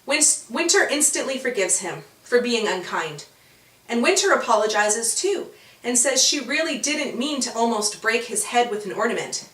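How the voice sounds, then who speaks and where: Expressive woman reading a children's story. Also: on the high side, roomy sound, far from the mic. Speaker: author and storyteller.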